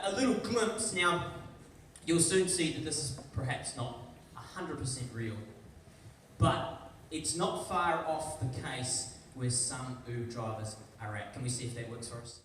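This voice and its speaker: Captured from far away in an echoey school hall, a New Zealand guest speaker gives a chatty worship talk and acts out small scenes with voices. His voice is a little high, expressive, and a bit bright, at a moderate pace, with a slight hiss or hum in the audio.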